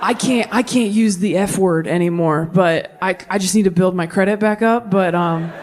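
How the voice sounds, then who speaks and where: A woman in her thirties performing a stand-up comedy set, with fast, sarcastic delivery and big character voices. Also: on the low side, darkish tone. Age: 30s.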